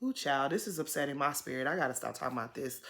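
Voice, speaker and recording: A woman giving a casual, expressive recap of a reality TV episode, speaking straight to the people on screen. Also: rumbling low, fast talker. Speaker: TV recap host.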